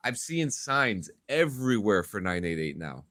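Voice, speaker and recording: A man's voice: on the low side, very animated, moderate pace, fairly bright tone, no room sound. A man hosting a casual podcast, rambling and restarting his sentences as he signs off. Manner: rambling, repeats words while starting sentences. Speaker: podcast host.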